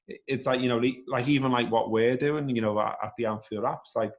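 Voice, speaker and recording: A man's voice: mid-range voice, steady tone, a little fast. A man speaking as a podcast guest, thinking aloud in a rambling, casual way with some swearing. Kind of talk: casual conversational podcast chat.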